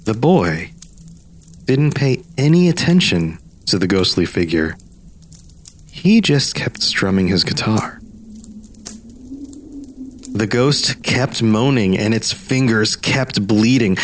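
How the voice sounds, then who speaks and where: A man's voice: lowish voice, expressive, slow, long pauses, a little hiss or hum. A man, a podcast host, narrating a spooky tale and playing a theatrical villain in an audio drama.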